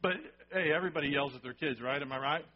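A man preaching in church with a slightly high voice, talking to his congregation like a conversation. He often checks in with "okay?" and "right?" The sound is dull and lo-fi. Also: fast talker. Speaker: pastor. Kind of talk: sermon.

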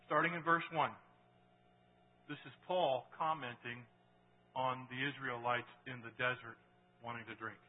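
A man preaching a sermon as pastor, animated and rising loud when he reads scripture. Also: mid-range voice, a little slow, pauses often. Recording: phone-like sound, long hall reverb.

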